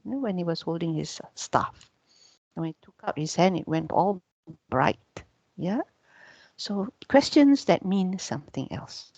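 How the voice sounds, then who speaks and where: A woman teacher gives a casual, chatty grammar lecture, peppering her talk with "yeah" and "you know." Her voice has a gravelly edge. The recording is dry and muffled. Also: lowish voice, expressive, a little slow, darkish tone, dry recording. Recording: dull, muffled sound.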